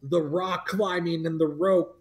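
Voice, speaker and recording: A young man telling a story in a casual livestream chat. His voice sits a little high, and he rambles through it with many fillers and "like"s, often laughing mid-sentence. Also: fairly even intonation, measured pace, vocal fry. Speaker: podcast host.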